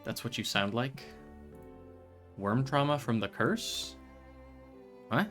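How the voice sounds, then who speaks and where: Male streamer, casual game commentary, rambling, jokey, self-deprecating, mid-pitched voice, faint music behind. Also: moderate pace, pauses often. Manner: rambling, joking, with sudden loud excited bursts; self-deprecating, stumbles over words.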